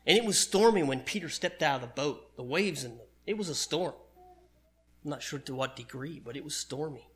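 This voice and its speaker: A man's voice: a little high, lively intonation, brisk, fairly bright tone. A man preaching a sermon in an earnest, conversational way, reading and explaining scripture.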